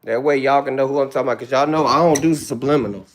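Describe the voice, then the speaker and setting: A man hosting a live stream, ranting loudly with insults and rambling asides. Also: mid-range voice, fast, a little hiss or hum. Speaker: livestream host. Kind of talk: profane rant on a live stream.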